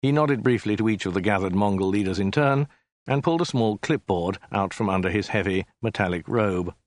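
A man narrating a comic story in a dry, deliberate comic delivery. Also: on the low side, dry recording. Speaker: audiobook narrator.

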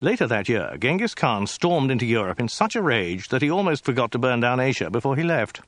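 A male narrator reading a comic tale aloud. His delivery is dry and deliberate, and his voice moves animatedly up and down. The recording is close and free of room sound. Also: medium pitch, big pitch swings, fairly bright tone, dry recording. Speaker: audiobook narrator.

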